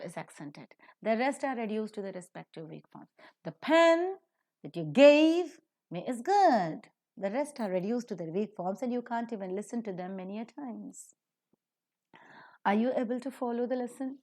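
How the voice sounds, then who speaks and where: Woman as a pronunciation teacher, measured lecture delivery, stresses example words emphatically. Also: medium pitch, warm tone. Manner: slow, emphatic modeling of example sentences.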